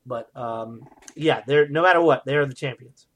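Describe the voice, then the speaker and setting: A man co-hosting a podcast in casual chat, animated and jokey, with bursts of excitement. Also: mid-range voice, moderate pace. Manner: animated, jokey, trails off with fillers. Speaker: podcast co-host.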